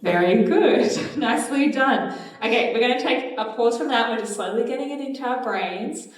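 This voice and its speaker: A woman's voice: a little high, animated, normal speed, noisy background. A young woman teaching a church class, retelling a Bible story in a chatty way and leading group recitation. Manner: chatty, uses fillers, directs the group. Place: church hall. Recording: echoey hall from far off.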